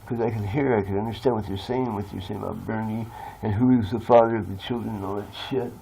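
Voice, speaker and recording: A man's voice: lowish voice, steady tone, fast talker, gravelly, warm tone, a little hiss or hum, low-quality recording. A man talking in a rambling, confessional monologue, blunt and swearing freely. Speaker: vlogger.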